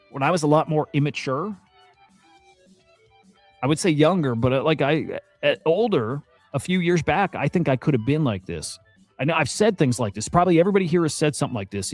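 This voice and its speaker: A man's voice: on the high side, expressive, fairly quick, darkish tone, soft background music. A man streaming crypto news commentary. He rants bluntly and swears often, repeats himself, and sounds exasperated. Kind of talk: casual ranting commentary.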